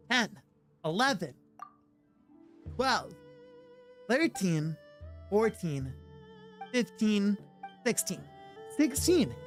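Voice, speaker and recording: A man's voice: sits high, a bit bright. A man streaming a game as a VTuber, chatting casually, exasperated and stumbling over words.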